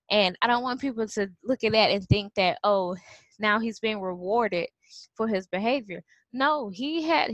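A woman's voice: a little high, fairly bright tone, no echo. A woman telling a story casually to camera, acting out quotes and laughing often. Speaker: vlogger and former preschool teacher.

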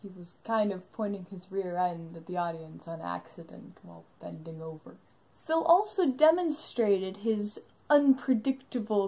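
A young woman narrates her fan vlog in a bubbly, eager way. Her voice sits a little high, and she takes her time with each line. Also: darkish tone, low-quality recording. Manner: bubbly, enthusiastic storytelling. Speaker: fan vlogger recapping a live show.

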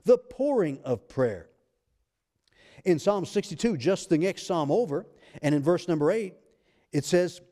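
Pastor guy preaching a sermon, fairly high voice, mellow tone, reads verses slow and drawn out. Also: lively intonation. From United States. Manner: emphatic preaching, reading scripture in slow passages.

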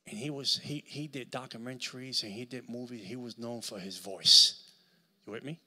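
A man with a Puerto Rican accent preaches at a church service in a bright, forceful voice of middle pitch. He tells stories in an animated way and climbs into loud, driving preaching. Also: moderate pace. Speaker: guest preacher. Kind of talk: sermon.

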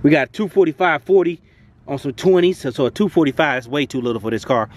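Outdoors on a dealership lot, a car vlogger does an excited walkaround, talking in a hyped, slangy style with rhyming wordplay and repeated catchphrases. His voice is fairly high and his pace quick.

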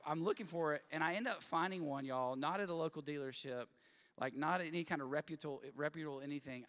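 A man preaching at a college chapel, with a slightly high, gravelly voice that echoes through a large hall with long reverb. He tells stories in an animated way, leaping loud and high when he hits the funny parts. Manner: animated storyteller, bursts up loud and high for humor. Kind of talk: sermon with storytelling.

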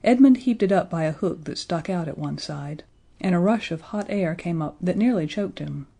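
Mellow-voiced woman reading a children's story. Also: fairly low pitch, animated, moderate pace, gravelly, breathy edge. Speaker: audiobook narrator.

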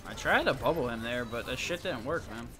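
A man's voice: medium pitch, expressive, fairly quick, noisy background. A man streaming a live game, trash-talking and ranting in a profane, exasperated way. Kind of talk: live gaming commentary.

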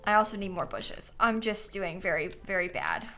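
A woman's voice: medium pitch, moderate pace, bright, forceful tone, faint music behind. A young woman livestreaming a game, chatting casually and thinking aloud, sleepy and yawning as she thanks viewers. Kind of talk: casual gaming stream chat.

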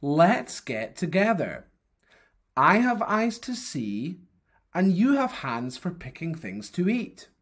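A reader voicing a bossy male talking head from a folktale, in a raised, excited voice. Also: mid-range voice, slow pace, breathy edge, voice pushed up, heavily acted.

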